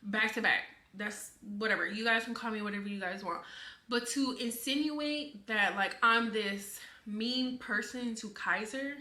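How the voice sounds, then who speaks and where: A woman's voice: a little high, measured pace, sharp tone. A young woman explaining her side as a stepmother, sounding hurt and defensive, her speech full of "like". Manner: hurt and defensive, many "like" fillers. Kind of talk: personal explanation video. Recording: echoey room.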